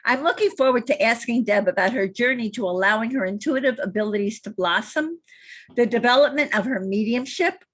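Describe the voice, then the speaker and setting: A woman with a slightly raised, husky voice hosts an interview podcast from her home studio. She reads her introductions in a measured, formal way and asks careful questions. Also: a little high, fairly bright tone. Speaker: podcast host. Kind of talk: interview hosting.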